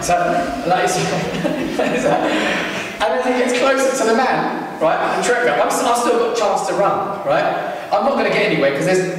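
A British man telling a comic story on stage, animated and acting out scenes, laughing often. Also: high-pitched. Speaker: comedian. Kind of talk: live stand-up storytelling. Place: large hall with live audience. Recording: echoey hall recorded from far off.

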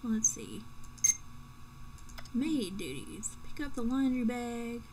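A woman's voice: a little high, animated, slow pace, warm tone, slight background noise. A young woman playing a video game and commenting casually, joking and swearing as she talks to herself. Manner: joking, profane, talking to herself. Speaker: let's play gamer.

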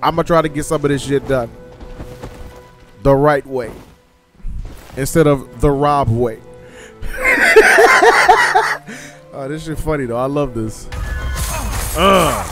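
A man, commentating his co-op stealth game casually, excitable and joking, teasing his partner. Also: a little high. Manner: excitable, jokey, trash-talks his partner, bursts into loud laughs. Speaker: gaming channel host.

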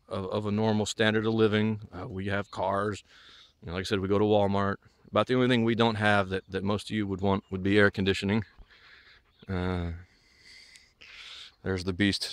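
Smooth-voiced man touring his homestead. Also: on the low side, a bit bright, no echo. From Southern United States. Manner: rambling, many fillers and restarts. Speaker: homesteader vlogger. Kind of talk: casual walking tour narration. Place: outdoors on a rural homestead.

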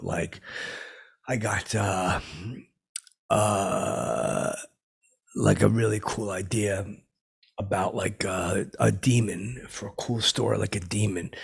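Raspy gravelly guy rambling thru a story, lots of uhs and restarts, lowish voice. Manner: halting, full of filler words and restarts, boastful. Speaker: comedy character host.

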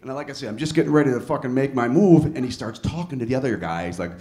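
A man's voice: medium pitch, expressive, fast talker, dark tone. Profane male stand-up storyteller. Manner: profane storytelling, acting out both sides. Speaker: stand-up comedian. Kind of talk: stand-up comedy set. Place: comedy club stage. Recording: live club recording with audience laughter.

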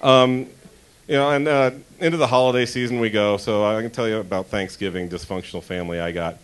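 A man's voice: fairly low pitch, a little fast, clean tone. A man from Denver doing a stand-up comedy set on a club stage, chatty and crude, often interrupting himself.

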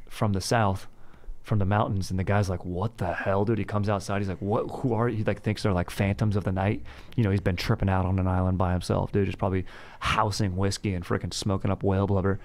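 A man tells a history story like he's chatting with a buddy, full of bro slang and loose fillers. His voice sits low and smooth, with a flat, even melody. It's laid-back, rambling storytelling. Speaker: podcast host.

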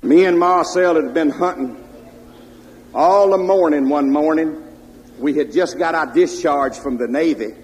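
A man with a Mississippi Southern accent telling comic stories on a live stage, loud and animated, yelling for effect. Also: a little high, measured pace. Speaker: comedian storyteller. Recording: echoey hall, faint noise.

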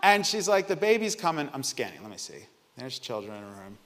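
A man preaching a sermon, telling a personal story in an animated way and acting out the people in it. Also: lowish voice, a little fast, long reverb tail. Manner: animated storytelling, voices quoted people, exclaims. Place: church sanctuary.

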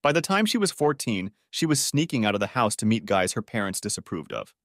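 A man narrating a scripted audiobook story with a lively storytelling delivery. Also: lowish voice, fairly quick, no echo, clean studio sound.

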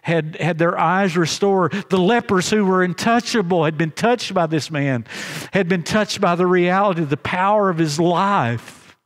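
A man delivers a sermon in a fairly high voice, earnest and halting, often restarting his phrases and slowing down to stress key lines. The sound carries the long reverb of a chapel. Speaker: pastor.

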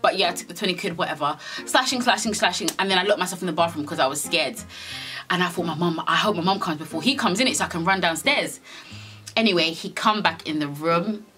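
A young British woman in her twenties, casually telling a storytime vlog, animated, slangy and swearing as she acts out scenes. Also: lowish voice, quick pace, faint music behind. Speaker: storyteller vlogger.

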